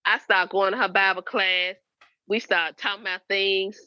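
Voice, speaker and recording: A woman's voice: mid-range voice, little pitch movement, normal speed, bright, forceful tone, smooth, no echo. A woman in her fifties telling her life story to her daughter, in an earnest, repetitive manner that sometimes turns preachy. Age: 50s. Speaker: guest, host's mother. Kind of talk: candid personal storytelling. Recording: dry, slightly dull lo-fi sound.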